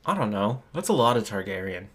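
A man co-hosting a podcast in casual chat, passing on news in a wry, deadpan way. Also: on the low side, fast talker. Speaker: podcast co-host.

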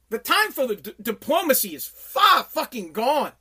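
A man's voice: extremely high pitch, very animated, normal speed, hardly any pauses, sharp tone, slightly rough. A man giving a heated, profane political rant as a commentator.

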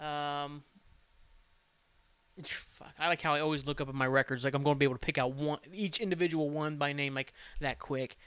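A man talks through a solo podcast in a loose, rambling way, dropping curses and making jokes at his own expense. His voice is smooth and clear and sits a little high for a man. The sound is dry and close, with no room around it. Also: sharp tone, no room sound. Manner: rambling, profane, self-mocking. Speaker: podcast host. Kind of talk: solo casual podcast chat.

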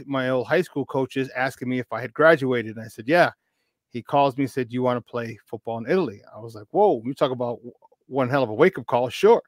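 A man in his fifties, a podcast guest, telling a long casual story in an animated, rambling way with many restarts. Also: medium pitch, no echo, clean studio sound. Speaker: podcast guest, football expert.

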